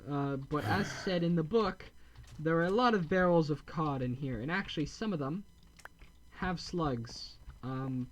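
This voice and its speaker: Guy narrating his game, rambly, keeps correcting himself, deadpan jokes. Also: a little high, slight background noise. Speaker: gameplay video host. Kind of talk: casual gameplay commentary.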